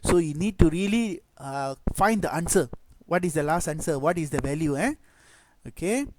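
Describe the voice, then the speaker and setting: In this online math lecture, a Malaysian-accented teacher speaks animatedly at a normal speed in a fairly high voice. He code-switches between English and Malay, dropping "okay" and "lah" frequently, over loud background noise and clicks.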